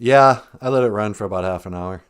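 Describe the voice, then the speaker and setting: A man's voice: on the low side, a little fast, smooth. A man hosting a comedy show, joking and chatting in an easygoing way. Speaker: host. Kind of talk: comedic cartoon show banter. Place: outdoors in winter, then indoors.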